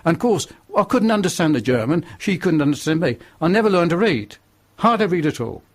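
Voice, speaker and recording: Husky older man from northern England. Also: on the high side, sing-song, a little fast. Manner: forthright, preachy. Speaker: guest. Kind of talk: radio interview, personal testimony.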